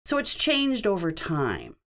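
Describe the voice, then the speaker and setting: Woman interpreter with a lively, low voice. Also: a little slow. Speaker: sign language interpreter. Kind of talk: voicing a signed question-and-answer session.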